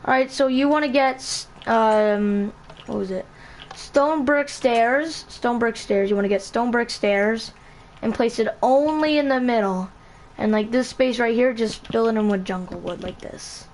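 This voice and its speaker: A woman hosting a casual game building tutorial, talking in a halting way, correcting herself and repeating item names as she goes. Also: a little high, a little hiss or hum. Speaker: channel host.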